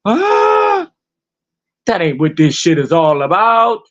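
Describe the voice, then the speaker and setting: High-voiced man ranting in heated slang. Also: lively intonation, moderate pace, fairly bright tone, lo-fi sound. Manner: profane, confrontational, repeating rhetorical questions. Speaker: podcast host.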